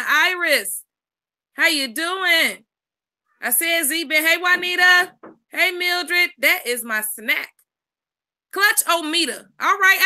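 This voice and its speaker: A woman co-hosts a casual live stream. She rattles off viewers' names in quick greetings. Her voice sits very high and rings sharply bright. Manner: rapid-fire greetings of viewers by name. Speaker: co-host doing the roll call.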